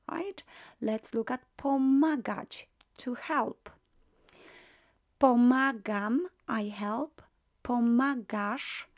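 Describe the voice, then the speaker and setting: Female language teacher, slow and patient, repeats each form, raspy-edged tone. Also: a little high. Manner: patient, repeats words with drilled pronunciation. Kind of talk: slow explanatory lesson.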